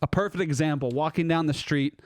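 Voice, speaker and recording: A man co-hosting a podcast, ranting through his list in an animated, jokey way. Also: on the high side, brisk, dry recording. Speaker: podcast co-host. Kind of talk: casual podcast chat.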